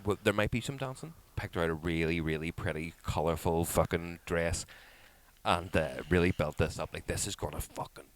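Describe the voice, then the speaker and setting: A man's voice: a little fast, low-quality recording. A man in his thirties, a podcast co-host telling a story in casual chat, swearing freely and acting out what others said. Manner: animated storyteller, swears a lot, acts out quotes in high voices.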